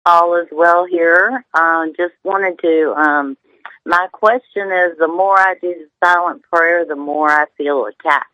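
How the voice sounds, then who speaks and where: A woman's voice: lowish voice, steady tone, measured pace, pushed and bright, no room sound, low-quality recording. A woman from Georgia calling into a radio show, hesitant and emotional, often restarting her sentences. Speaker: radio caller. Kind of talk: call-in radio question.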